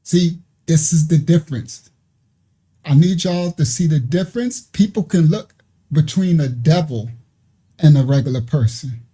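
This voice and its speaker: A man's voice: on the high side, measured pace, mellow, husky. A man hosting a ministry live stream, commenting on clips in a preachy way and repeating himself. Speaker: ministry host.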